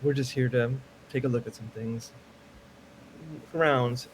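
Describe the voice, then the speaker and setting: A man's voice: medium pitch, fairly even intonation, measured pace, a little hiss or hum. A man playing his character in a tabletop game, speaking in a hesitant, casual and polite way. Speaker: player.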